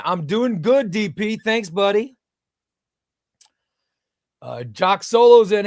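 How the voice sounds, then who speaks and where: A man's voice: high voice, sing-song, slow pace, creaky, pauses often, no echo, studio quality. A man hosting a casual comics livestream, chatty and friendly, greeting viewers by name and reading their chat messages aloud. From United States. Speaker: livestream host. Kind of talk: casual live-stream chat.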